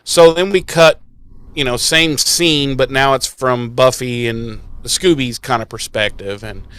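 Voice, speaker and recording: A man co-hosts a podcast in a loose, rambling recap full of swearing and asides. His voice is smooth and clear at a middle pitch. He talks in an easygoing, conversational way. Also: steady tone, a little slow, fairly bright tone. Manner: profane, rambling, laughing. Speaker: podcast co-host. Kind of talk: casual episode recap.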